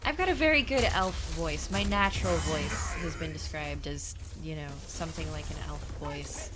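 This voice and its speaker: A woman's voice: low-pitched, normal speed. A woman with a Californian accent, chatting casually on her gaming stream and laughing often. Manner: laughs often, drawn out speech. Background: music.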